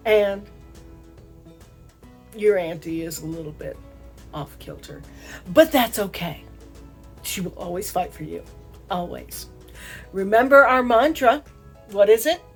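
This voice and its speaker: Southern lady vlogger, middle-aged, talks slow n chatty, laughs a lot, bit of music behind. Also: medium pitch, darkish tone. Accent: American Southern. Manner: chatty, laughs often, slow drawn-out emphasis. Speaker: vlog host. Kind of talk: casual monologue to camera.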